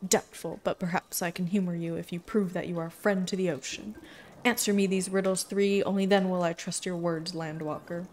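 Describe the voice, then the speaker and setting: A woman's voice: lowish voice, fairly even intonation, fairly quick, a little mellow, slight background noise, natural voice. A woman voicing a grumpy, sick giant male sea serpent in a game, speaking in a haughty, archaic, suspicious way.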